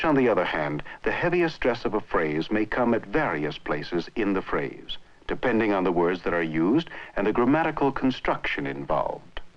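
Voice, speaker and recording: Brief: male narrator, low, animated delivery, muffled old film sound. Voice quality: clear, measured explaining. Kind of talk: scripted educational narration.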